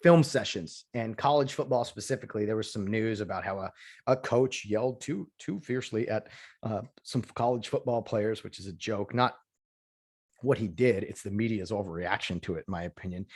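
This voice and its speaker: A man's voice: on the low side, normal speed, husky. A man hosting a solo podcast, rambling through opinions with frequent restarts and asides. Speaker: podcast host.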